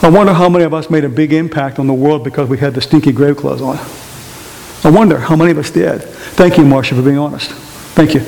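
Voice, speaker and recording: A male pastor delivers a lively sermon, jumping into high mimicked voices as he tells his stories. His voice sits a little higher than most men's. It rings out through a reverberant church hall over a faint hiss. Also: fast, vocal fry. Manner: animated storytelling with mimicked voices. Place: church sanctuary.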